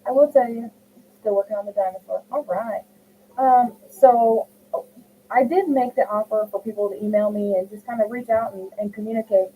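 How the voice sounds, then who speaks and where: Crocheting at home, a middle-aged livestream host reads out her viewers' comments and replies to them by name in a relaxed chat. She has a mellow, mid-range voice at a normal speed, and the audio is tinny and phone-like with a faint hiss.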